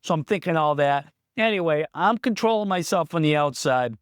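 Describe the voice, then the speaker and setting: A man's voice: a little high, lively intonation, moderate pace, clear, resonant tone, no room sound, studio quality. A man who runs a small business, telling a candid personal story in a vlog, plain-spoken and reflective. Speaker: small business owner in recovery.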